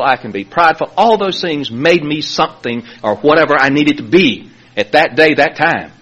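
A man's voice: mid-range voice, muffled recording. A man giving a personal recovery testimony as a meeting speaker, telling his story with chuckles along the way. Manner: animated storytelling, chuckling as he talks.

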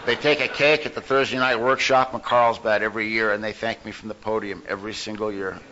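A man tells his recovery story at a meeting in a forceful, ringing voice. He is emphatic and humorous. The sound is dull and lo-fi, with faint noise behind him. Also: on the low side, fairly even intonation, brisk. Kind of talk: personal recovery testimony.

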